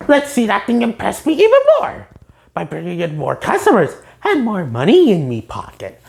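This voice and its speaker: A woman voicing a gruff older male crab who runs a restaurant in a cartoon, blustery and demanding. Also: mid-range voice, wildly swooping pitch, normal speed, a little mellow.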